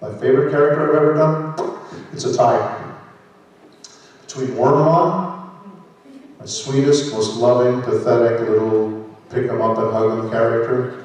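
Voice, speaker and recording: A man's voice: medium pitch, moderate pace, long pauses, far from the mic. Older man telling stories in an echoey hall. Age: 60s. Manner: lively anecdotal storytelling with self-mocking jokes. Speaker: voice actor guest on a convention panel. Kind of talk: convention panel Q&A storytelling. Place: large convention hall. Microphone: handheld microphone.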